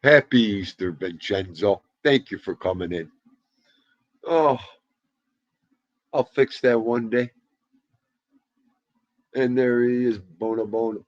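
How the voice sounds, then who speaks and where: With a mid-range voice, a slow delivery, and long pauses, a man in his fifties hosts a relaxed livestream. He greets viewers individually and jokes around, and the dull lo-fi audio carries no room sound.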